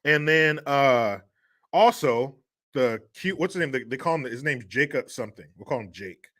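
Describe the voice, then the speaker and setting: A man's voice: medium pitch, animated, normal speed, fairly bright tone. A man hosting a podcast, ranting in a crude, mocking, profane way and laughing scornfully. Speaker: podcast host. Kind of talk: solo commentary rant.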